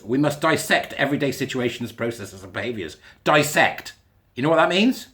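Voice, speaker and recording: A man's voice: mid-range voice, lively intonation, normal speed, a bit bright. Guy mocking what he reads out, swears a lot, middling voice. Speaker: commentator reading and rebutting a school policy. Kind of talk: ranting commentary.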